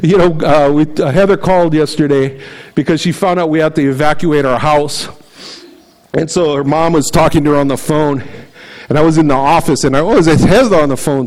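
A middle-aged man preaching in a relaxed, conversational way, his voice sitting a little higher than most men's. He reads scripture aloud and slips into lively storytelling. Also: a little fast, low-quality recording. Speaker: pastor. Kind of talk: sermon.

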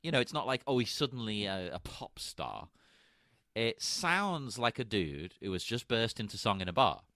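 A man co-hosting a podcast, chatting casually about a film with laughs and flat deadpan asides. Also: lowish voice, normal speed, dry recording, studio quality. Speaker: podcast co-host.

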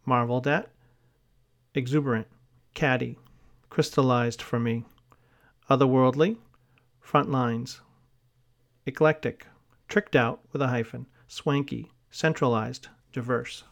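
Male reader, mid-pitched, very slow and deliberate delivery for a vocabulary list, spells words and flags hyphens. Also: steady tone, gravelly.

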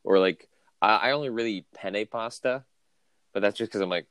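A man co-hosting a podcast over a remote call, chatting casually with dry, deadpan complaints and playful bits. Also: lowish voice, fairly quick, clear, resonant tone, no room sound. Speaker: podcast co-host. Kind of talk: casual chat.

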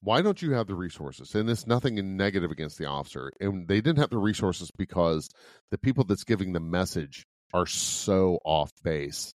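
A man's voice: low voice, expressive, normal speed, darkish tone, no room sound, studio quality. A middle-aged man from Ohio co-hosting a podcast, blunt and profane, laughing often as he talks. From Ohio, USA. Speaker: podcast co-host. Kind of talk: casual podcast chat.

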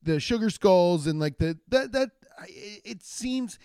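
A man's voice: high voice, expressive, unhurried, dark tone, smooth, no room sound, clean studio sound. A man doing a loose, crude comedy monologue, swearing often and laughing at his own jokes. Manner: trails off and restarts a lot.

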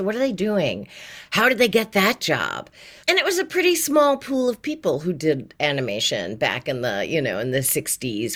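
Low-voiced middle-aged woman, chatty and candid. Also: no echo. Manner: chatty and candid, full of "like" and "you know". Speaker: voice-over teacher and guest. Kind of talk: casual interview chat.

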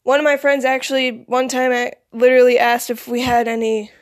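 A woman's voice: fairly high pitch, little pitch movement, fairly quick. A teenage girl rambling casually to camera, with plenty of "like" and "you know". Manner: filler-heavy, rambling, lots of "like". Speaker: vlogger.

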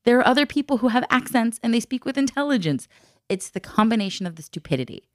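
A woman's voice: a little high, lively intonation, quick pace, no room sound, studio quality. A middle-aged woman co-hosting a casual chat, talking in a chatty, exasperated way and laughing often. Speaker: podcast co-host.

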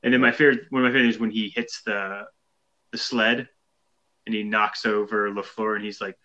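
Bright-voiced man chatting about a movie. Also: fairly low pitch, flat delivery, fairly quick, highs cut off. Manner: laughs often, quotes movie lines eagerly. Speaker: podcast co-host. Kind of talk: casual movie chat.

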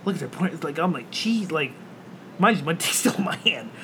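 A man with a high voice, co-hosting a casual podcast. He rambles through crude stories and keeps breaking into laughter. Clear background noise sits under his voice throughout. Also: expressive, a little fast. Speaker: podcast co-host. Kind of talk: casual chat. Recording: noisy room ambience.

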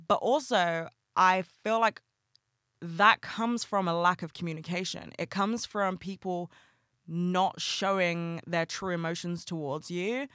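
A young adult podcast host talks straight to the listener in a loose, heated ramble, swearing freely and leaning on fillers. The voice is bright and forward. The sound is dry and close, with no room around it. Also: mid-range voice, clear, resonant tone, dry recording. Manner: chatty and passionate, swears freely, many fillers. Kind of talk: casual solo podcast chat.

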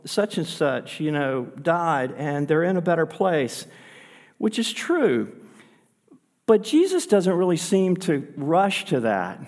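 A man's voice: on the high side, a little mellow, long reverb tail. A man pastor preaching a sermon in an earnest, conversational way, pushing his voice up for emphasis.

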